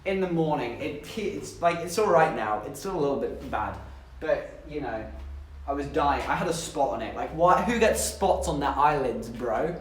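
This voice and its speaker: A man's voice: on the high side, lively intonation, moderate pace, far from the mic. A young man from southern England chatting casually to his livestream chat, telling stories with giggles along the way. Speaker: streamer. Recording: echoey room, voice a bit off-mic.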